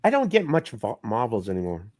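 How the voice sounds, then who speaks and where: Man, very lively pitch, teasing, casual banter, dry mic. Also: fairly quick, no echo. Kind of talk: casual chat on a live stream.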